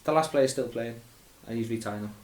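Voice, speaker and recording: A man's voice: mid-range voice, brisk, darkish tone. A man with a Liverpool accent, co-hosting a podcast in casual chat and telling rambling anecdotes. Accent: Scouse. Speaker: podcast co-host. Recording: echoey room with faint noise.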